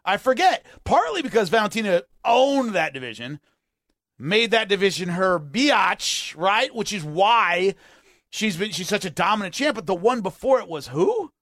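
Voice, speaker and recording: High-voiced ranting sports radio man. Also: moderate pace, no room sound, clean studio sound. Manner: animated, ranting, exasperated. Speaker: sports talk radio host. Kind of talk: casual sports talk.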